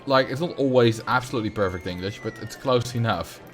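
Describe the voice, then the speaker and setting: A man's voice: mid-range voice, a little fast, soft background music. A man streaming a park-building game, chatting casually and thinking aloud as he plays. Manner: relaxed, thinking aloud while playing. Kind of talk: casual gameplay commentary.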